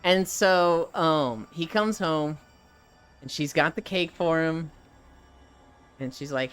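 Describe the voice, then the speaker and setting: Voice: mid-range voice, takes it slowly, pauses often, fairly bright tone, clean tone, soft background music. A live streamer in casual chat who rambles, swears freely, laughs often and answers chat as they go.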